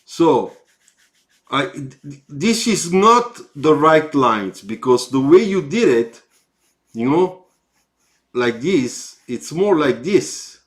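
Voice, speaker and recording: Speaking with an Italian accent, a man critiques car sketches live, his delivery slow and halting, broken up by encouraging asides. His pitch sits fairly high and he sounds very animated.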